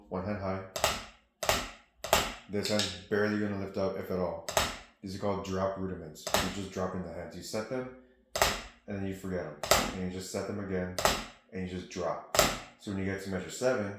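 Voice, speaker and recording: A man giving a casual drum lesson, explaining steps in a steady, practical way and counting rhythms aloud. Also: low-pitched, a little fast, heavy reverb, loud music behind the voice. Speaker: drum instructor. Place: music studio room. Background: snare drum playing.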